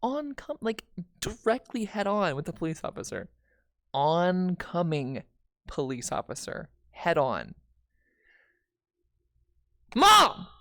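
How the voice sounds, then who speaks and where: A woman's voice: sits low, no echo, clean studio sound. A young woman streamer telling a painful family story in casual, candid talk, swearing and restarting often.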